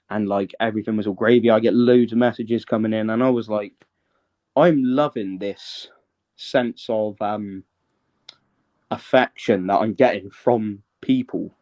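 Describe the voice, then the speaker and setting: A man's voice: lowish voice, darkish tone, highs cut off. A man, a guest in a casual live-stream interview, telling his story in a rambling, hesitant way and often checking that the listener is following.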